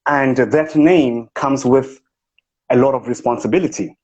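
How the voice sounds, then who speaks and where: Here the impersonator speaks in a mid-range, a little slow, slightly mellow voice with some breathiness. His comedy target is a self-important South African business speaker who scolds and boasts, delivered over a phone video call in lo-fi livestream quality.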